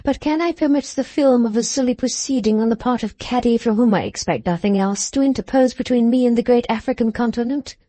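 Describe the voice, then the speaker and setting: A woman voicing a calm, distracted middle-aged mother who brushes off her daughter with cool composure. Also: on the high side, a little fast, few pauses, no echo, close to an everyday voice. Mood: serenely dismissive.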